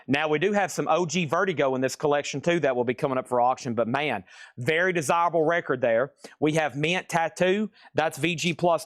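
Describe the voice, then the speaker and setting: This auction host's voice is fairly high and bright, captured dry in studio quality. He runs a live online record sale, firing off grades and prices quickly and cracking jokes with viewers between lots.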